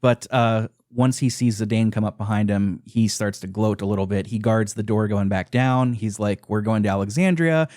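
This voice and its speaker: A man's voice: lowish voice, normal speed, hardly any pauses, no room sound, studio quality. A man hosting a podcast, retelling game scenes in a casual chat full of "uh" fillers. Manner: animated retelling, frequent "uh" fillers. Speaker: podcast host.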